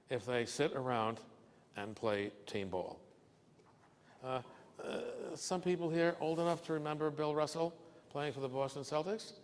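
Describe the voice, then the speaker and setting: Older male keynote speaker, folksy and joking, mid-pitched voice, long hall reverb. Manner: folksy, joking storyteller who asks "okay?" often. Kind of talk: business lecture with anecdotes. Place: breakfast event hall.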